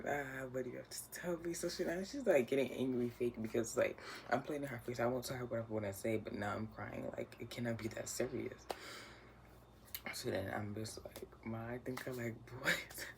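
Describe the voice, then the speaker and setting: A man's voice: medium pitch, vocal fry. A young man casually telling a personal story, chatty and slangy, often dropping to a near whisper. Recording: noisy room ambience.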